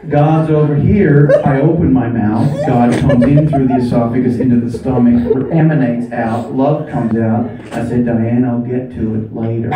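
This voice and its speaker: A man voicing a rambling, fervent older preacher with a put-on American accent, preaching in bursts and shouts in a stand-up bit. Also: medium pitch, steady tone, normal speed, hardly any pauses, crowd noise, close to an everyday voice. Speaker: stand-up comedian. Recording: echoey club, distant mic, loud room noise.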